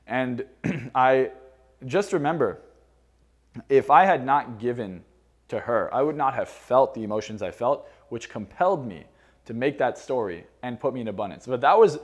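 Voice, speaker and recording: A man's voice: medium pitch, expressive, moderate pace. A young man and motivational speaker telling a personal story in a casual, candid way, with frequent fillers and restarts.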